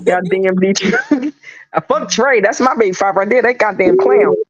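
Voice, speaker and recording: A woman's voice: mid-range voice, moderate pace. Profane laughing woman gossiping, lo-fi. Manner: profane, laughing, loud storytelling. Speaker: co-host gossiping. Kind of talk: casual gossip chat. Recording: dull lo-fi audio.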